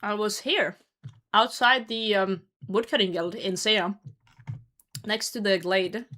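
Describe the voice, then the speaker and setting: A woman's voice: medium pitch, slow pace, pushed and bright. A young woman streaming from her computer at home, chatting casually with her viewers and laughing often as she hosts a hide-and-seek game. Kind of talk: casual live-stream chat.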